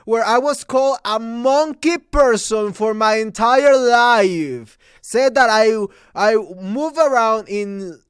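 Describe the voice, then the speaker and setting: High, lively man ranting. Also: smooth, no echo, clean studio sound. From Mexico. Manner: heated, profane ranting. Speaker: movie review host. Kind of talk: ranting movie review.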